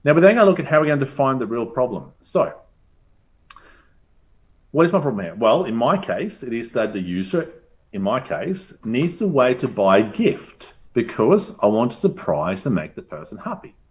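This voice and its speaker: Lively man leading a teachers' workshop. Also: medium pitch. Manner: animated, acts out inner thoughts in quoted asides.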